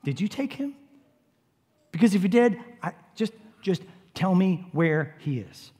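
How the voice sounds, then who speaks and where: A man's voice: high voice, big pitch swings, measured pace, dark tone, slightly rough, heavily acted. A man plays a grieving woman at her wits' end, raising his tone a notch as she pleads and stumbles over her own words. The voice carries a long reverb from a large hall. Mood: pleading. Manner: pleading, breaking into broken restarts. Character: grieving woman, desperate and indignant.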